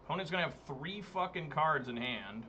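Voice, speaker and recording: Bright-voiced man swearing through game commentary. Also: fairly high pitch, expressive, brisk, a little hiss or hum. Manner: exasperated, swearing, talks to chat. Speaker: streamer playing a card game. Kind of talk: casual gameplay commentary. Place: home room, hot day.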